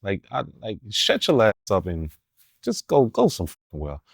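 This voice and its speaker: A man's voice: on the low side, huge pitch swings, moderate pace, gravelly, husky, no room sound, studio quality. A man telling stories as an interview guest, blunt and profane in street slang, laughing as he talks. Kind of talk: casual storytelling in an interview.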